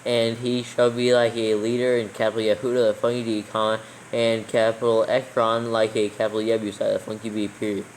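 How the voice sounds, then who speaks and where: A man's voice: lowish voice, little pitch movement, fairly quick, few pauses, a little hiss or hum, rough recording. Man dictating scripture with punctuation. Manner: reads steadily, calling out commas and capitals. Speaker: reader dictating text for proofreading. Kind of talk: slow dictation with punctuation read aloud.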